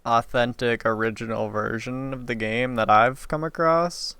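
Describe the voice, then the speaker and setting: A man's voice: mid-range voice, steady tone, normal speed, pushed and bright, dry recording. A man rambling casually and crudely while playing a game, often breaking into laughter at his own jokes. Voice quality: gravelly, rambling, crude, self-amused. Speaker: gaming YouTuber.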